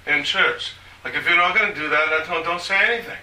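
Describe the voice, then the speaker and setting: An older man giving an informal talk to a small group, rambling and halting with many restarts. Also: high voice, sharp tone. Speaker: speaker on church liturgy. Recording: echoey room from far off, faint hiss.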